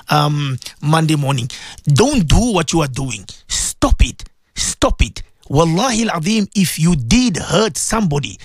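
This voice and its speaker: A man's voice: a little high, no echo. Impassioned man preaching on radio. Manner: impassioned, repetitive, addresses listeners directly. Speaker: radio presenter.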